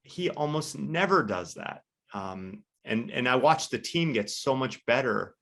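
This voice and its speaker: A man's voice: medium pitch, lively intonation, measured pace, gravelly, a bit bright. A man hosting an interview, talking in a reflective, conversational way with many casual fillers. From United States. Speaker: podcast host.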